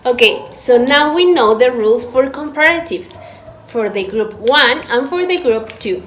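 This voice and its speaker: Slow-woman teaching English. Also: a little high, expressive, fairly bright tone. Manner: slow, clear, syllable-by-syllable explanations. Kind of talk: recorded online class. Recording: echoey room with faint background noise.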